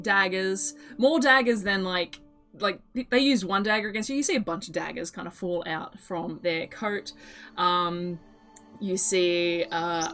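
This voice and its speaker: A woman's voice: on the low side, a bit bright. A woman narrating a tabletop role-playing game as game master, chatty and giggly with lots of filler words.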